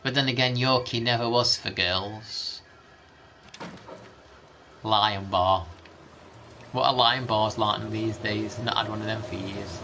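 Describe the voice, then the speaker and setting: A man's voice: on the low side, steady tone, slow pace, pauses often, sharp tone, poor audio. A man, rambling chattily through gameplay commentary with casual mild swearing. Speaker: gaming streamer. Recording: background noise.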